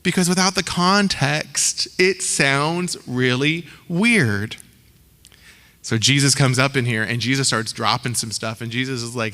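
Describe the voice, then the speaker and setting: A man's voice: medium pitch, a little slow, pushed and bright. A man preaching a sermon as pastor, talking casually with slang and acting out the voices of the people he quotes. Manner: conversational, slangy, acts out characters' voices in quotes. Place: church sanctuary. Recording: long hall reverb.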